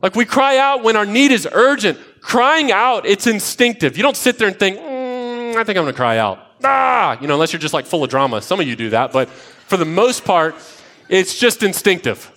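A man's voice: sits high, moderate pace. A man in his thirties preaching a sermon, telling family stories and building to emphatic repeated lines. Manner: animated storytelling, rising to emphatic repeated lines. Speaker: pastor.

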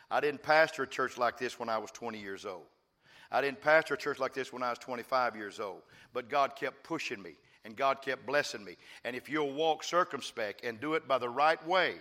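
A man preaching a fervent sermon as pastor, repeating phrases and swinging from quiet asides to loud praise. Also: mid-range voice, long reverb tail. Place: church.

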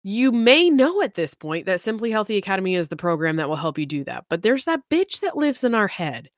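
A woman's voice: mid-range voice, sing-song, a little fast, no echo, clean studio sound. A woman health coach giving a blunt, profane motivational monologue.

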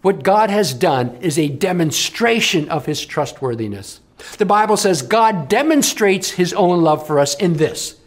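A radio preacher delivers a broadcast sermon in a high, expressive voice, speaking a little slowly. He is impassioned and emphatic, his delivery rising and falling as he presses points on the listener.

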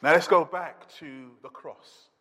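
A man's voice: on the high side, measured pace, sharp tone, big-room sound. A man preaching a sermon, quoting scripture dramatically with rising intensity. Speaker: pastor.

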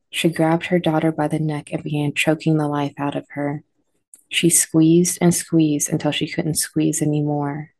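A woman narrating scripted horror stories in a measured, dramatic way. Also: low voice, dark tone, no echo.

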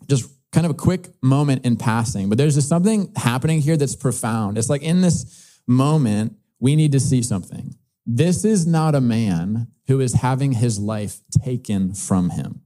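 A man's voice: medium pitch, expressive, normal speed, warm tone. A man preaching a sermon, reading scripture aloud and explaining it in a loose, conversational way full of casual filler words. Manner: conversational, uses many filler likes.

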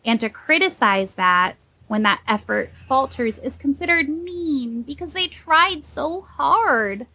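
A young woman talks through a casual podcast discussion, slightly high-pitched. She is animated and sarcastic, leaping upward in pitch whenever she mocks someone. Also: slow, few pauses, rough recording. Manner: animated, sarcastic, with pitch jumps when mocking. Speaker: podcast co-host.

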